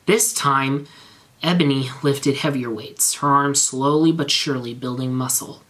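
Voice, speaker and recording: A man's voice: medium pitch, unhurried, fairly bright tone. A man reading his own fan fiction aloud in a dry, matter-of-fact narrating voice.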